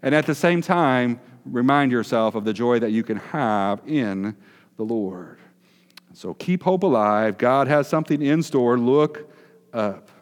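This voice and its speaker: A man's voice: medium pitch, expressive, measured pace. A man preaching a conversational sermon, chatty and quizzing his congregation with self-deprecating asides. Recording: long hall reverb.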